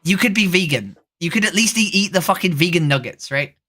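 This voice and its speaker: A woman's voice: fairly low pitch, expressive, brisk, a bit bright, slightly rough. A woman, a vegan activist streaming a video chat, who argues pushily, swears freely, and keeps asking "right?". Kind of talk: casual video-chat debate.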